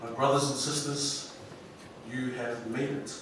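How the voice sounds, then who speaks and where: Slow, emphatic New Zealand man in an echoey hall. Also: medium pitch, level tone, a bit bright, distant mic, a little hiss or hum. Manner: slow, emphatic, inspirational delivery. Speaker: graduation guest speaker. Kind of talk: ceremonial speech. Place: large school hall. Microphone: PA microphone, recorded from the audience.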